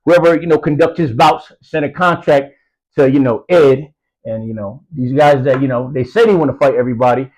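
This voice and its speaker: A man's voice: mid-range voice, a little fast, darkish tone, poor audio. A man giving casual boxing commentary, rambling with lots of fillers and street slang, from the US East Coast. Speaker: boxing news vlogger.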